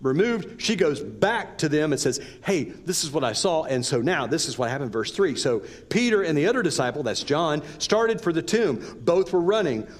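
A male pastor delivering a sermon in a relaxed, conversational way, mixing scripture reading with casual asides. His voice sits somewhat high and swings widely in pitch as he leans into his points. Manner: conversational, animated preaching with asides.

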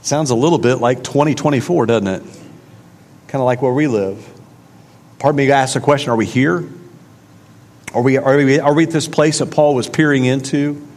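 A man's voice: medium pitch, moderate pace, pauses often, darkish tone. Guy preaching, chatty, keeps repeating lines, big echoey church hall. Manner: conversational preaching with emphatic repetition. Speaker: pastor. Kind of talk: sermon. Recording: long reverb of a large hall.

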